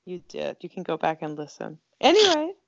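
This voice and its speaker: Chatty woman with a gravelly low voice. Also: wildly swooping pitch, fairly quick, a little hiss or hum. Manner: chatty, laughs often, teasing. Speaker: podcast co-host. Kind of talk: casual chat. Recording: dull lo-fi sound.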